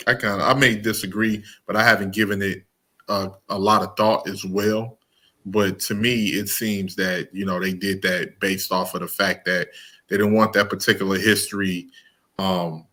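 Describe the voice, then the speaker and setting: A man's voice: lowish voice, sharp tone. A man hosting a casual commentary talk, blunt and emphatic, often restarting his sentences. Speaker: host of commentary channel.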